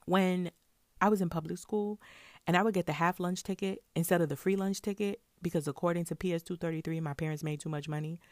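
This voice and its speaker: A woman's voice: on the low side, quick pace, no room sound, clean studio sound. A woman vlogger telling a story in a casual way, acting out the lines of the people in it. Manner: animated, acts out her own and others' lines.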